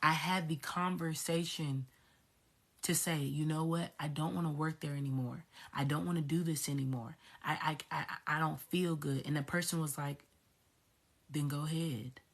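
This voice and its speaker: A spiritual coach shares a personal story with her viewers in a candid vlog, her voice sitting low and steady at a normal speed. She is emphatic and profane, repeating herself for effect.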